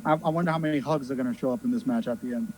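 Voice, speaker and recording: A man's voice: mid-range voice, a little mellow, a little hiss or hum, low-quality recording. Teasing man on a podcast panel. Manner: teasing, quick to make bets. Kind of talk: casual chat.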